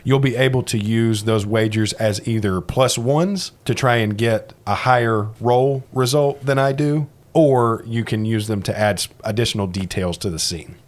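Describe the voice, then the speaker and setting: A man narrating a tabletop game as game master, relaxed and quick to laugh. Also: fairly low pitch.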